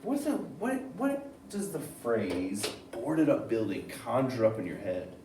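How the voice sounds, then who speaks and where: A male teacher giving a reading lesson, reading passages aloud and thinking out loud about them. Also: medium pitch, measured pace, noisy background. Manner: animated, switching between reading aloud and thinking aloud. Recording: roomy sound, mic at a distance, faint ambience.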